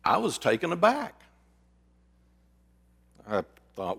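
A male pastor preaching a sermon, telling folksy, animated stories. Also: fairly high pitch, a little slow. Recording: long reverb of a large hall.

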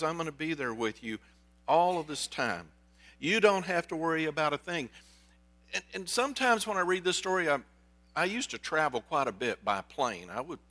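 A man's voice: a little high, bright, forceful tone. A man preaching a sermon as a pastor, telling stories in a conversational way and asking his listeners questions. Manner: conversational storytelling, asks the congregation questions.

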